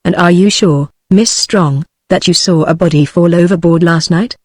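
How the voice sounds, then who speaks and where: A woman's voice: lowish voice, moderate pace, no room sound, clean studio sound, close to an everyday voice. A text-to-speech woman's voice with a British accent voicing a concerned male ship's captain, in her usual voice. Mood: grave. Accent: British English. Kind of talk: synthetic text-to-speech book reading.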